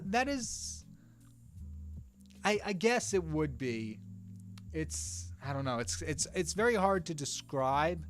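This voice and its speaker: A man's voice: fairly high pitch, lively intonation, measured pace, a bit bright. Young male streamer, rambling casual chat, talks to viewers by name, faint music underneath. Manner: rambling, self-interrupting, chats to viewers by name. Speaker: streamer drawing with live chat.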